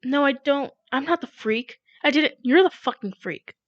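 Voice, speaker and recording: A woman's voice: high voice, lively intonation, moderate pace, dry recording, voice pushed up. A woman reading the part of a brooding, hostile teenage boy, with clipped, menacing lines in a dull lo-fi recording. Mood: angry.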